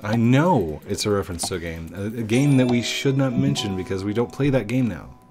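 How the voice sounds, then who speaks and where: Guy w a lowish voice joking with his kid at his desk mic while he games, music going behind. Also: lively intonation, brisk. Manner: playful, joking banter. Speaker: gaming channel host. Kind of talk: casual chat with his son while gaming. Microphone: desk microphone.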